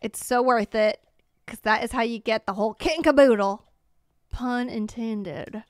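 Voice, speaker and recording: A young American woman livestreams a game with bubbly, chatty energy, often breaking into excited exclamations. Her voice sits a little higher than most women's. She talks straight to her viewers into a desk mic. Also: measured pace, smooth, dry recording, clean studio sound. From United States. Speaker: streamer. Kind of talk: live game commentary.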